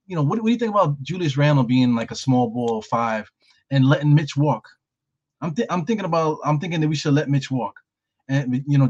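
A man hosting a casual sports chat show, animated and swearing freely, often repeating his words. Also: a little high, highs cut off. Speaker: podcast host.

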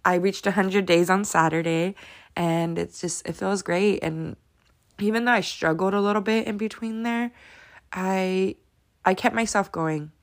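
A woman's voice: medium pitch, steady tone, measured pace. A woman in her thirties talking candidly to camera as she answers follower questions, emotional and sometimes close to tears, with lots of fillers. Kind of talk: casual confessional talk to camera.

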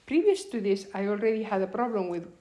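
A woman's voice: medium pitch, fast. Woman acting out her story's dialogue. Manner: animated, acts out quoted dialogue; laughs often while telling. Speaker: interviewee. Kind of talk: personal storytelling.

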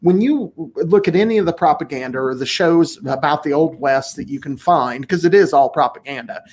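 A man's voice: a little high, fairly quick, a little mellow. A man co-hosting a casual political podcast, talking bluntly and emphatically with frequent swearing. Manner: blunt, profane, emphatic, laughs often. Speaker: podcast co-host.

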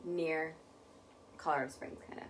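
Young woman podcast co-host, lower voice, laughing chatty storyteller, faint background noise. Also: fairly even intonation, normal speed. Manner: laughing, swearing, loose and chatty. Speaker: podcast co-host telling a true crime story. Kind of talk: casual chat.

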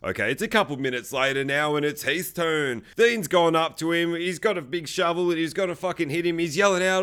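A man recaps a film as a show host. His voice sits a bit high and sounds smooth and clear. He tells the story casually and with energy, and he swears all the way through. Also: fairly quick, few pauses. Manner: profane, lively storytelling.

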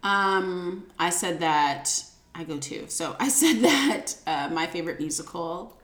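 Lively, bright-voiced young woman chatting. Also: fairly low pitch, a little slow, roomy sound. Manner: animated, laughing, swears, acts out quotes. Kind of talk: casual chat.

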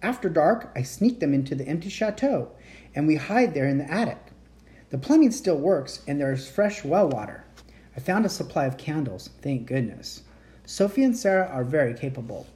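A gentle, tired enchantress speaks in a calm, soft voice that is low and mellow, as a woman reading aloud puts her on. Her lines rise and fall in a lilting way. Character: gentle, weary young enchantress caring for children.

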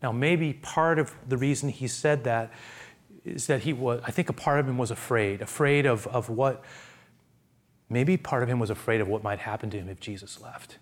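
A man preaching a sermon, repeating himself and acting out the people in the story, swinging from loud exclamations to hushed near-whispers. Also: medium pitch, normal speed. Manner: repeats words and acts out quoted voices. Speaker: pastor.

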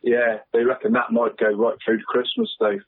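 A man on local radio talking about football, chatty and relaxed, saying "mate" constantly and chuckling often. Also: medium pitch, normal speed, dry recording. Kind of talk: casual phone-in chat. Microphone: phone. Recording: tinny phone line.

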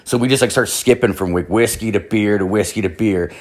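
Crude rambling young man, lower voice. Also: a little fast. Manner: crude, filler-heavy, swears constantly. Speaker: storyteller. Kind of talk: profane rambling anecdote.

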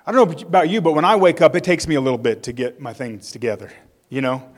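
A man's voice: mid-range voice, fairly even intonation, quick pace. A male pastor preaching a sermon. He reads scripture aloud, tells it as a story with casual asides, and leads a prayer.

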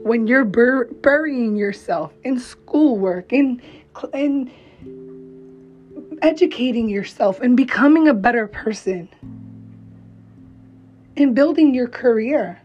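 A woman with a fairly high voice talks very slowly and deliberately, delivering a blunt, swear-laced pep talk to other moms. The recording sounds a little dull and lo-fi, and faint music plays softly underneath her. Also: lively intonation. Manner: blunt, profane, encouraging, slow emphatic phrasing. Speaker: mom vlogger. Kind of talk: heartfelt monologue to camera.

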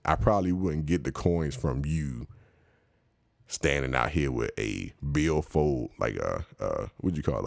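Deep gravelly man telling stories. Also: no room sound, clean studio sound. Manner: laughs often, slangy and rambling. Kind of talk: casual comic storytelling.

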